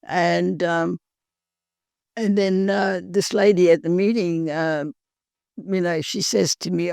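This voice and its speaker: A woman's voice: lowish voice, steady tone, slow pace, gravelly, a little mellow, no echo, studio quality. A woman earnestly telling her own recovery story in a plain-spoken way. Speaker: guest sharing recovery story. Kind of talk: personal storytelling.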